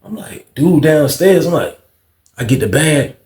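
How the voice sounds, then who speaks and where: Slangy animated man telling a story. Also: a little high, measured pace, reverberant. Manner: slangy, animated, acts out quoted voices. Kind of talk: casual storytime monologue.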